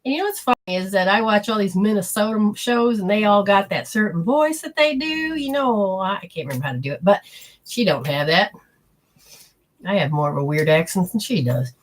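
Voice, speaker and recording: A woman's voice: medium pitch, animated, fairly quick, poor audio. A woman hosting a live energy-healing show, chatting and reading viewer comments aloud. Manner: chatty, meandering, gives hands-on instructions.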